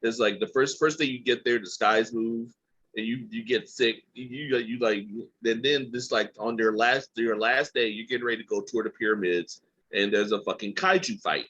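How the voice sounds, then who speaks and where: A man co-hosting a podcast, excitable and jumping into mock voices in casual chat. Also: medium pitch, moderate pace, husky, highs cut off. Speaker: podcast co-host.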